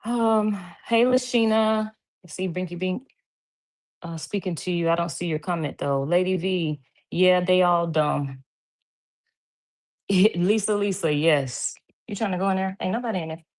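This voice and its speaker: A woman's voice: on the low side, moderate pace. A woman hosting a casual livestream from home, reading viewers' comments aloud, chatty and laughing often. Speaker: livestream host.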